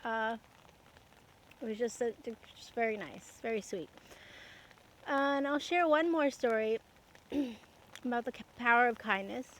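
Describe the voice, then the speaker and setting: A young woman from Canada tells a personal story in a relaxed, rambling monologue, with plenty of "like" and "um" and frequent laughter. Her voice sits a little on the high side. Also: unhurried, pauses often, a little hiss or hum. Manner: chatty, laughs often, many fillers. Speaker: podcast host.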